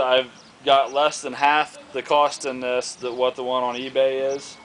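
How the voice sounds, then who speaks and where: A man's voice: medium pitch, a bit bright, a little hiss or hum, poor audio. A man casually showing off a homemade target stand, rambling with many fillers and restarts. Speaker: hobbyist vlogger showing a homemade build. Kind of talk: casual outdoor show-and-tell.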